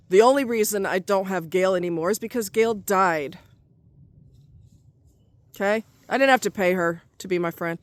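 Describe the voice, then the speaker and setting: A woman's voice: medium pitch, normal speed, pauses often, no echo. Angry, cussing middle-aged woman ranting. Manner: heated, profane, repetitive ranting. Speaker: vlogger. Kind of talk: angry vlog rant.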